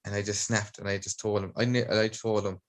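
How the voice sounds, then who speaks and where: A young Irish man hosting a podcast, telling animated stories and swearing freely. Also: on the low side, a little fast. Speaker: podcast host. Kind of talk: casual chat.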